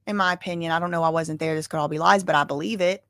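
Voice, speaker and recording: A woman's voice: low-pitched, fairly even intonation, rapid-fire, fairly bright tone, no room sound, clean studio sound. Chatty woman giving her opinions. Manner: chatty, opinionated, says "like" and "y'all" often. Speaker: live-stream commentator. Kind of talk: casual commentary on trial testimony.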